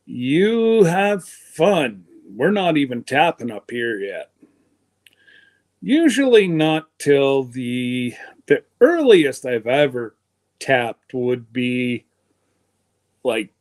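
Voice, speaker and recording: Slow, rambling, congested man. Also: medium pitch. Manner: folksy, meandering talk. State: chest congestion from pneumonia. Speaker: livestream host. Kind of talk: rambling casual chat.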